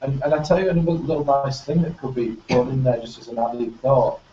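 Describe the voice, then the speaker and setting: A man's voice: mid-range voice, flat delivery, a little fast, mellow, soft background music. A man hosting, adding his ideas thoughtfully in long sentences during a casual discussion over a video call. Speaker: host. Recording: dull, roomy, distant sound with faint noise.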